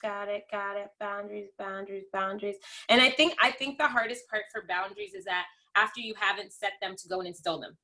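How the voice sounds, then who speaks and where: A woman's voice: medium pitch, fairly quick, few pauses, bright, forceful tone. A woman hosting a virtual call, chatting casually and thinking aloud. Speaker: host. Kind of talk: casual chat. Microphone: video call.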